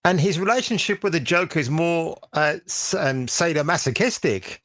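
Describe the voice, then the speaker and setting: A man's voice: on the high side, animated, moderate pace, a bit bright, no room sound. A man in casual conversation, chatty and opinionated, talking about films. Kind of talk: casual watch-along chat.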